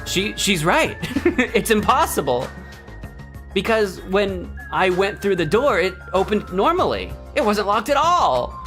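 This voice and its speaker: A man's voice: high-pitched, big pitch swings, unhurried, hardly any pauses, fairly bright tone, faint music behind. A man hosting a let's play, reading game dialogue aloud and joking between the lines. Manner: playful, joking, reacts with bursts of laughter.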